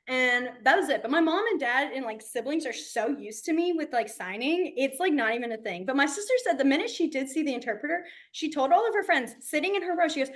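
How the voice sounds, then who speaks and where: A woman's voice: high voice, expressive, a little fast. A woman teaching a beginners' sign language class in a giddy, chatty, enthusiastic way. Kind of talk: casual class instruction.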